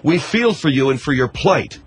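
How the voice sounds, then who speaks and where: A man's voice: fairly high pitch, expressive, moderate pace, slight background noise. A man hosting a call-in radio show, skeptical and questioning, cutting in on the caller. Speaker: radio host.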